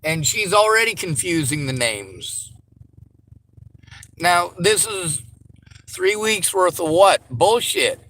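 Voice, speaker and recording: Brief: frustrated male vlogger, ranting, slightly high voice. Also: animated, slow pace, long pauses, pushed and bright, a little hiss or hum, rough recording. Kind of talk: venting commentary.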